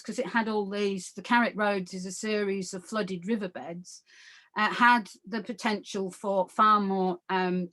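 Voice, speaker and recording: A woman's voice: medium pitch, fairly bright tone. A woman giving an art history lecture in a conversational way, full of fillers and asides, often checking in with her listeners. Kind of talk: illustrated lecture.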